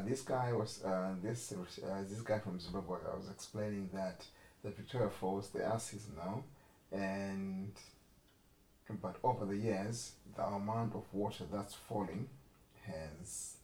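A man's voice: on the low side, unhurried, a little mellow. A man co-hosting a podcast in casual chat, rambling and correcting himself, laughing often. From Africa. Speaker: podcast co-host. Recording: roomy echo with faint ambience.

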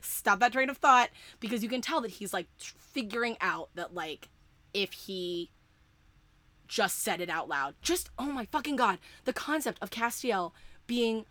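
A woman's voice: mid-range voice, normal speed. A young woman chatting casually and emphatically with a friend, full of fillers and swearing. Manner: excitable, emphatic, swears often, many fillers. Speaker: fan podcaster. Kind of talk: casual chat.

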